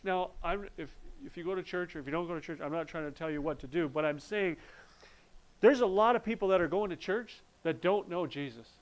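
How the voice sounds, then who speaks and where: During a live-streamed spoken testimony, a man with a high-pitched voice shares his personal faith story in an earnest, storytelling way. He frequently restarts his sentences, and the recording quality is low.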